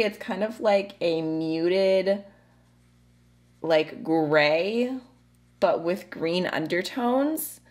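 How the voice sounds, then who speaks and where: A woman's voice: on the low side, extremely slow, darkish tone. A young adult woman hosting a casual makeup review, chatty and bubbly, laughing often as she talks. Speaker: beauty vlogger.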